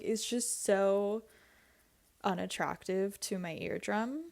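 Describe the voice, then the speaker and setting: A woman's voice: medium pitch, fairly even intonation, unhurried, a little mellow. A woman vlogger giving a blunt, opinionated reality TV recap, repeating herself and swearing in casual slang.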